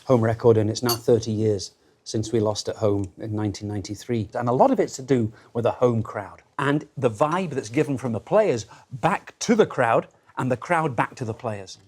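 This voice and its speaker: A man's voice: medium pitch, animated, normal speed, a little mellow, breathy edge. A Scottish man in his fifties, a former golf captain, emphatically recalling a moving team moment. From Scotland. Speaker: former Ryder Cup captain. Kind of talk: casual dinner chat.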